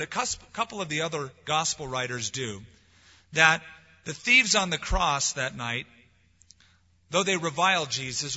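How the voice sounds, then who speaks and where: A man preaching a sermon as pastor, rising to loud emphasis and dropping to quiet lines. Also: fairly high pitch, husky, big-room sound, highs cut off. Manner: preaching with swelling emphasis and soft drops.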